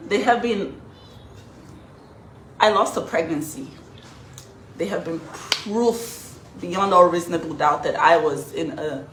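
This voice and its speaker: A woman's voice: on the low side, a bit bright, echoey room, slight background noise, low-quality recording. A young woman telling her side of a relationship in a casual social media video, emotional yet defiant.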